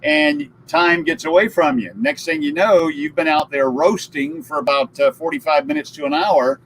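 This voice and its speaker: A man's voice: a little high, sing-song, moderate pace, vocal fry, a bit bright, slight background noise, low-quality recording. Joking man hosting a live chat. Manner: jokey, storytelling, laughs at his own puns. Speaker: live stream host. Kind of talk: casual live stream chat.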